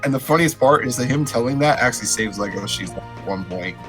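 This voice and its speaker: A man's voice: mid-range voice, lively intonation, quick pace. A man streaming a game, chatting casually and laughing a lot. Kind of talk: casual gameplay commentary. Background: game music.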